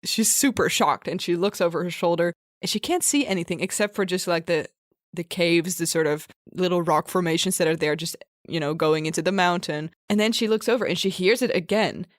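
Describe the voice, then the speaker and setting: A woman's voice: on the low side, fairly quick, no echo, studio quality. Chatty woman improvising a story. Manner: chatty, laughing often, rambling with fillers. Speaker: podcast co-host.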